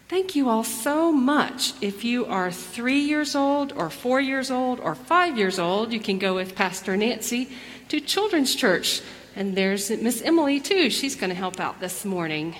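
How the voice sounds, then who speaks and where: Woman, pastor, gentle storyteller, long church reverb. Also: a little high, expressive, unhurried. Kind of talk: children's message and sermon. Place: church sanctuary.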